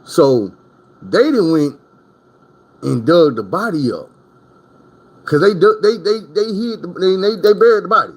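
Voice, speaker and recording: A man's voice: sits high, expressive, a little slow, pauses often. A man from Arkansas, telling prison stories in a casual storytime monologue. His talk is profane and rambling, full of asides to the listener.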